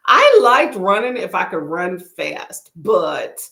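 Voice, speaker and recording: Texan woman chatting on a livestream, lots of y'all, gravelly voice that jumps up and down. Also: lowish voice, big pitch swings, slow pace, a bit bright, echoey room. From Texas. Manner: chatty, folksy, says y'all, reads chat aloud. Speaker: livestream host. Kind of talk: casual chat with live chat readers.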